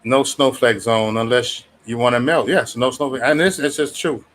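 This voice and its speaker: Dude running a late night stream, cussing, laughing, chill mid voice. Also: male voice, mid-range voice, normal speed, a bit bright. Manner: loose, profane, laughing often, mimics others in raised voice. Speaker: livestream host. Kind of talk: casual livestream chat.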